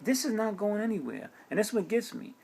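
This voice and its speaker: Guy with a gravelly voice going off on a heated rant at the camera, swearing a lot. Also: high voice, sing-song, a little fast, darkish tone. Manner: heated ranting, swearing, mocking quotes. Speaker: channel host.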